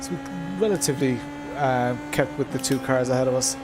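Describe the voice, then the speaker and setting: A man's voice: mid-range voice, animated, brisk, background noise. Chatty man streaming his sim racing. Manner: chatty, rambling, lots of ums and uhs. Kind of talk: casual livestream chat while gaming.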